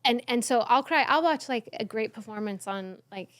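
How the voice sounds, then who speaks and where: Animated middle-aged woman, healing coach. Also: normal speed, no room sound. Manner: animated, gets high-pitched when excited. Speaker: trauma healing coach, guest. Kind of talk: casual panel conversation.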